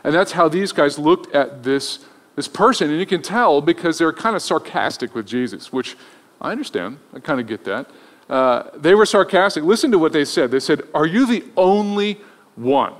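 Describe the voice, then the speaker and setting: A man preaching an Easter sermon as pastor, in a relaxed, conversational way. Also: a little high, moderate pace, in a large hall. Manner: conversational, acts out voices in retold scenes.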